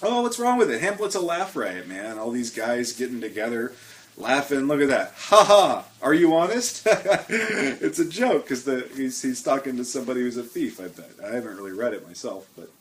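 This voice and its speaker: Male comedy host, mid pitch, rambly and mock-pompous, jokey delivery. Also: sing-song, moderate pace. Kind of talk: comedic hosting with outtakes.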